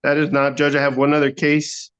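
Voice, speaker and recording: A man arguing as court-appointed defense attorney in a courtroom, hesitant with many fillers and throat-clearing. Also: a little high, completely flat delivery, fairly quick, a bit bright. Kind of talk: courtroom argument. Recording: dull lo-fi courtroom audio.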